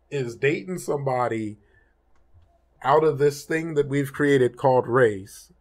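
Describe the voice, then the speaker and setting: A man's voice: mid-range voice, slow pace, pauses often. A man hosting his own channel, talking casually straight to the camera in a rambling, self-correcting reaction commentary that turns emphatic. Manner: gets heated and emphatic, swears. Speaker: channel host.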